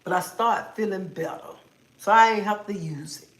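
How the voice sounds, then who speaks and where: A woman's voice: medium pitch, moderate pace. A woman hosting a casual livestream from home, chatting and playfully scolding her viewers in a sassy, talkative way. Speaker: livestream host. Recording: roomy echo.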